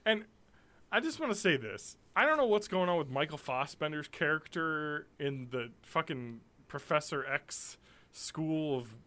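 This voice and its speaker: A man's voice: fairly high pitch, lively intonation, measured pace, bright, forceful tone. A man in his thirties co-hosting a podcast, talking casually and animatedly, swearing and laughing often. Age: 30s. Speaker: podcast co-host. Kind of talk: casual chat.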